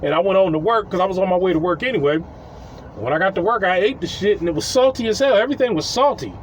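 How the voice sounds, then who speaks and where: A man telling a casual, profane story, animated and chuckling as he acts out what people said. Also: sits high, fast, a little hiss or hum, poor audio.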